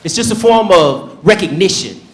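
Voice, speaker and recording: A man's voice: high-pitched, normal speed, reverberant. A man from the American South hosting a comedy show, chatty and acting out bits. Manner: chatty, animated, acts out bits. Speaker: host. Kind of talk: stand-up comedy.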